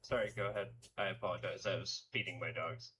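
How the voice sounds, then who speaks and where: Quiet low-voiced male player, far off. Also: steady tone, quick pace, a little hiss or hum. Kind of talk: casual chat.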